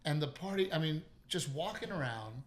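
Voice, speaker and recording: A middle-aged man from Texas, hosting a podcast and telling stories in an animated way, laughing often and swearing. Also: on the high side, moderate pace. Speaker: podcast host. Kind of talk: casual chat.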